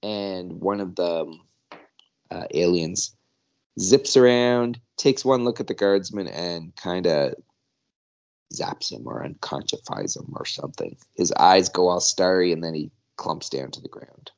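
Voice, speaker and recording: A man recaps a cartoon episode in a low, gravelly voice. He speaks slowly but with a lively, swooping intonation as he retells the story. The lo-fi recording sounds dull. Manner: storytelling, acts out the dialogue. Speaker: podcast co-host.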